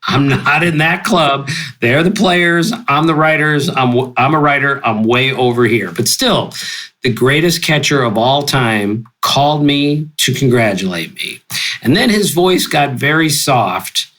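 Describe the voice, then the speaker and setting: A man in his sixties, a sportswriter guest on a podcast, telling stories in an animated, exuberant way with big jumps in pitch. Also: poor audio. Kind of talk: storytelling interview.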